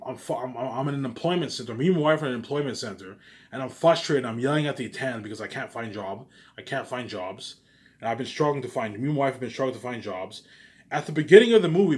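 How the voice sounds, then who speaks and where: A young man in a rambling casual monologue, boastful, swearing, repeating and restarting his phrases. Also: medium pitch. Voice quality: repetitive, restarts phrases often. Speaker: vlogger pitching his movie ideas.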